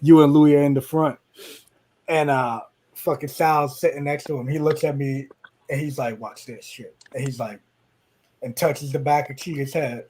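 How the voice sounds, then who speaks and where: A man co-hosting a podcast, telling a story in casual chat, animated and profane, laughing and acting out his friends' lines. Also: mid-range voice, moderate pace, a little hiss or hum. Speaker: podcast co-host.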